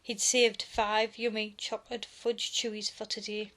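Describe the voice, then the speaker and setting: A woman reading a children's storybook aloud in an expressive narrating voice. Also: mid-range voice, unhurried.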